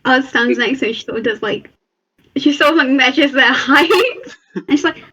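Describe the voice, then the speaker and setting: A woman's voice: high-pitched, moderate pace, sharp tone, distant mic, lo-fi sound, slight background noise. A woman playing a tabletop game in a playful, laughing way. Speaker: player.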